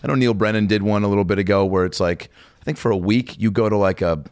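Young man, podcast host, lowish voice, animated storyteller who swears freely and squeaks out quoted lines. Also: quick pace, dry recording, clean studio sound. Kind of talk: casual podcast chat.

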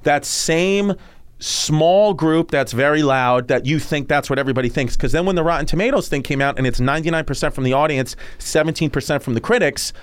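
Male podcast host, smooth and clear with a slightly raised pitch, talking in an eager, rambling way over a dry mic. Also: a little fast, dry recording. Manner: rambling, enthusiastic, full of restarts. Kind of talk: casual podcast chat.

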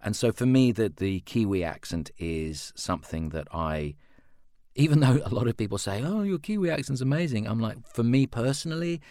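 A man's voice: mid-range voice, very animated, normal speed, dark tone, no echo, clean studio sound. A man who works as an audiobook narrator and voice actor, answering interview questions in a chatty, self-deprecating way. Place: lives in Australia.

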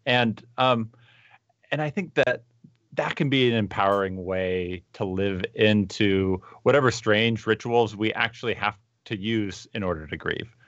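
A man co-hosting a podcast over a video call, musing aloud with many fillers and telling stories in an animated way. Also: on the low side, a little slow, no room sound, highs cut off. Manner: thoughtful, animated storytelling with frequent fillers. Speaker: podcast co-host. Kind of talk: casual conversational discussion.

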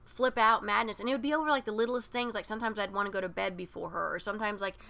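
Woman with a bright, gravelly storytelling voice. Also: mid-range voice, very fast. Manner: rambling, many "like" fillers, acts out quoted voices. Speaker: podcast co-host. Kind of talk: personal storytelling in casual chat.

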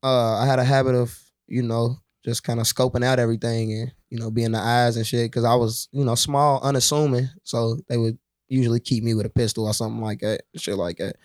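A man from Kentucky tells a story on a podcast in loose, slangy talk, jumping into other people's voices as he goes. His voice sits at an ordinary pitch and is recorded close and dry, with no room sound. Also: fairly quick, no echo. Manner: animated, slangy, acts out quotes in other voices. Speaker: rapper guest.

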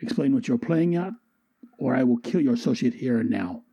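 A man reading out a stiff, menacing strongman in a formal, threatening manner, close to his own husky, dark voice. It is a casual fan reading, not a studio performance. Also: medium pitch, lively intonation, brisk.

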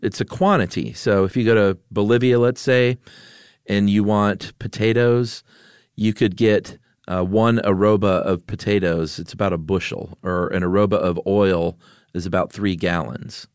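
A man with a fairly low voice co-hosts a podcast in relaxed, casual chat. He talks in an easygoing, rambling way and laughs easily. The recording is dry and close on a studio microphone. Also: moderate pace, smooth, dry recording. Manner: easygoing, laughs often, loose storytelling. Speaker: podcast co-host.

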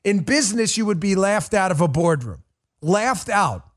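A man's voice: high-pitched, sing-song, moderate pace. A man hosting a political podcast, delivering an emphatic, indignant commentary monologue that repeats its points.

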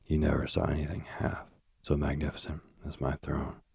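A man's voice: a bass voice, completely flat delivery, moderate pace, creaky, a little mellow, slightly rough, dry recording, clean studio sound, heavily acted. A man reading the part of a boastful, coaxing male king of the underworld in a storybook.

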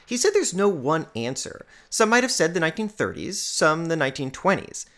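A woman's voice: low voice, sing-song, a little fast, fairly bright tone. A woman hosting a podcast, narrating a script with wry, playful asides. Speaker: podcast host.

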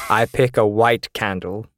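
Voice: mid-range voice, steady tone, takes it slowly. A player in a tabletop game who jokes and laughs at their own bad rolls. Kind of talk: casual tabletop play.

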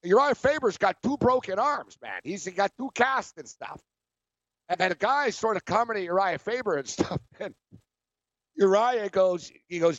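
Male sports radio host, higher voice, lively storyteller, dry lo-fi studio sound. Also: no echo. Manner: animated storyteller, quick asides. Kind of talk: casual sports radio chat. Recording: dry, dull lo-fi studio audio.

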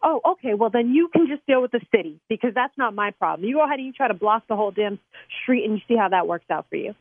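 Fast-talking woman on a tinny phone line. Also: a little high, expressive, dry recording. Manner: indignant, fast, swears when angry. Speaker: prank call target, mother. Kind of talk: heated phone argument. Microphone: telephone.

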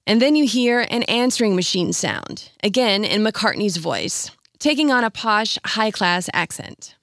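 A woman hosting a radio music feature, reading scripted narration in a measured, explanatory storytelling manner. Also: mid-range voice, animated, fairly bright tone, no echo, studio quality. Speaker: radio host.

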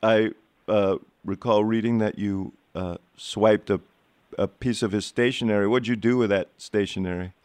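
Smooth-voiced male podcast host. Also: lowish voice, steady tone, normal speed, darkish tone, no room sound. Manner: hesitant questions, many fillers, laughs along. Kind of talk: conversational interview.

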